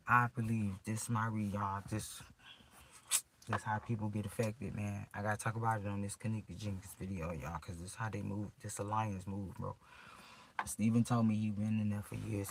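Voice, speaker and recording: A man's voice: on the low side, background noise. A man emotionally recounting a personal ordeal to his viewers in casual, profane, rambling speech full of restarts.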